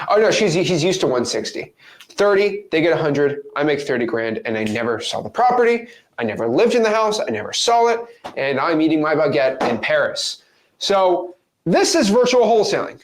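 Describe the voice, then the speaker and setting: A young man teaching real estate with lively energy, acting out phone calls in quick different voices. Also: high voice. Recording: roomy echo.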